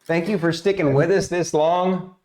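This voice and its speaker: A man's voice: on the high side, fairly even intonation, normal speed, a little mellow. A man narrating as game master on a tabletop game stream, rambling with many fillers and restarts.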